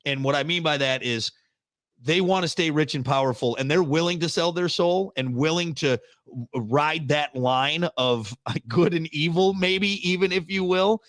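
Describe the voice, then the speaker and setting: A man co-hosting a casual podcast, talking in an animated, ranting way with frequent laughs. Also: on the high side, normal speed, dry recording. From Wisconsin. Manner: animated, ranting, mock voices, laughs often. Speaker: podcast co-host. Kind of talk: casual chat.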